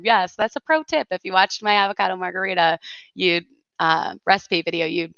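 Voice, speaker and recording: Woman livestream host, chatty and giggly, bright and smooth voice, dull lo-fi sound. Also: lowish voice, a little fast, no room sound. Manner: chatty, giggly, rambling with many fillers. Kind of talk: casual livestream chat.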